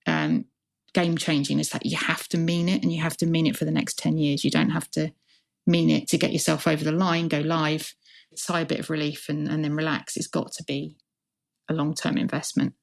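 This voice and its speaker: Brisk and gravelly, her low voice carries earnest, reflective interview answers as a hospital CIO who organizes what she says into lists.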